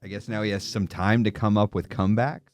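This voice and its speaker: A man co-hosting a comedy podcast, dropping in brief deadpan remarks. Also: fairly low pitch, quick pace, dry recording, studio quality. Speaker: podcast co-host. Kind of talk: casual comedic chat.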